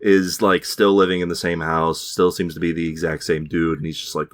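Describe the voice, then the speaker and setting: A man's voice: deep voice, level tone, a little fast, hardly any pauses, no room sound, studio quality. A man on a podcast, casually recapping a TV show and mimicking its characters as he goes. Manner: rambling recap, slips into mocking voices for characters. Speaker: podcast host.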